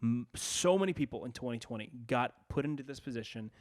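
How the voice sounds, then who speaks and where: An upbeat young man co-hosting a podcast, his voice sitting at an ordinary middle pitch. He chats loosely and keeps a friendly, conversational flow. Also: animated, brisk. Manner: upbeat and chatty, many fillers. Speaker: podcast co-host. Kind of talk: casual podcast chat.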